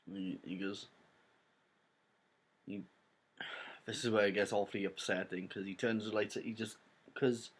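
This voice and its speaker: A man's voice: on the low side, steady tone, moderate pace, pauses often, a little hiss or hum. Rambling young Welsh man retelling a film. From Wales. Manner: rambling retelling full of "like" and "basically". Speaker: film reviewer. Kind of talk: casual spoiler review.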